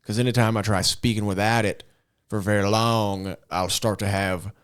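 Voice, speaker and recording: Man playing a brash Southern comic character: put-on drawl, low voice, taunting and cocky. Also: steady tone, moderate pace, a bit bright, clean tone, lightly acted. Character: brash, mean Southern male stand-up comic.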